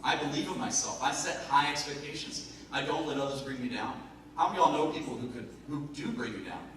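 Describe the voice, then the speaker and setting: A man giving a lively motivational talk to a live audience, joking and asking the room questions. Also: mid-range voice, quick pace. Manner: lively, jokey, asks the crowd questions. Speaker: motivational speaker. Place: event hall before a live audience. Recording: very echoey hall, speaker far from mic, noisy.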